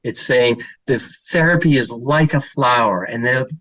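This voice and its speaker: A middle-aged man who works as a child therapist talks through slides at a measured pace, his mid-range voice fairly bright. His storytelling is informal and full of fillers, with occasional children's voices, and the recording is dry and low in quality.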